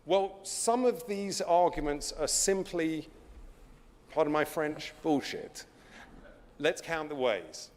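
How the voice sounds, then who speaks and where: A man delivering a formal prepared speech, deliberate and emphatic, with dramatic pauses. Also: fairly high pitch, animated, a little mellow, big-room sound, a little hiss or hum. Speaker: speaker.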